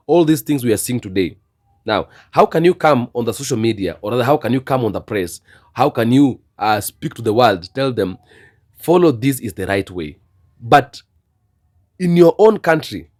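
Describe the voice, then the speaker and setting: Guy ranting about politics, preachy and repetitive, voice on the high side, gets worked up. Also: a little mellow. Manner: preachy, repetitive, rising to fervent outbursts. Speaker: political commentator. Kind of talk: impassioned commentary video.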